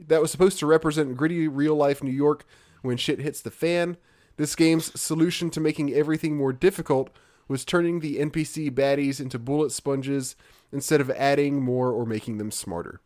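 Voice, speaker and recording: A man's voice: fairly high pitch, a little mellow. A man co-hosting a casual gaming podcast, reading listener comments aloud and chatting with fillers. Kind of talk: casual chat.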